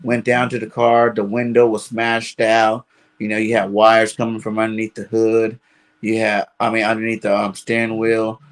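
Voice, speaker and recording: A man's voice: fairly low pitch, completely flat delivery, moderate pace. Rambling man telling a story. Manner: rambling, fills with "you know". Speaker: caller. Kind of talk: casual storytelling.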